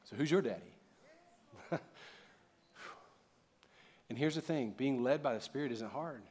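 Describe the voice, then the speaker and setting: A middle-aged man preaching a sermon in church, talking casually and joking, then building up to loud, fervent preaching. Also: medium pitch, animated, unhurried. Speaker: pastor.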